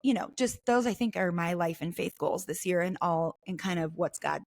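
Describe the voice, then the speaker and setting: A woman's voice: on the low side, expressive, normal speed, creaky. A woman co-hosting a podcast, talking earnestly and reassuringly about faith with many fillers. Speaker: podcast co-host, seminary student. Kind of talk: casual faith chat.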